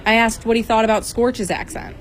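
A woman radio reporter narrating a scripted news feature in a measured, clear read. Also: a little high, steady tone.

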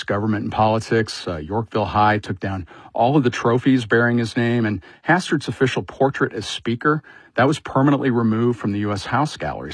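A man politics editor with a husky voice, explaining things conversationally in a radio interview. The sound is close and dry. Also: mid-range voice, dry recording.

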